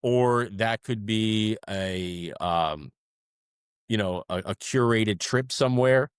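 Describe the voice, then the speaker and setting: A man guest on an interview podcast, telling animated stories and often ending his points with "right?". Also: lowish voice, slow, smooth, no echo, studio quality. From South Florida. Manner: animated storyteller, tags many sentences with "right?". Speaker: restaurant management co-founder, guest. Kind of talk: conversational interview.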